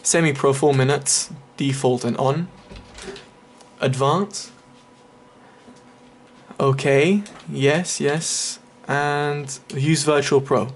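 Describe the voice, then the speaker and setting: A man's voice: a little high, steady tone, extremely slow, pauses often, slight background noise. A man giving casual, chatty commentary over a game walkthrough, explaining each step with many fillers. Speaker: gaming video creator.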